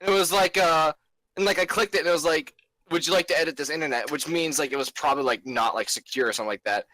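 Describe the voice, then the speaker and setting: A man's voice: a little high, fast, bright, forceful tone, no room sound, poor audio. A young man co-hosting a podcast, chatting casually and rambling through a story with many restarts. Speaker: podcast co-host. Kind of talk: casual chat.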